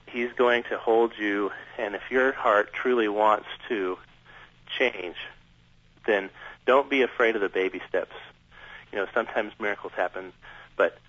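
A man talking as a radio interview guest, earnest and measured, recounting things at length. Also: lowish voice, fairly even intonation, a bit bright, no room sound. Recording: dull, dry sound.

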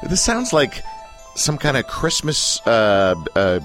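A man hosting a radio talk show, joking with his guest and talking in quick asides. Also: mid-range voice, faint music behind. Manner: jokey, animated, quick asides.

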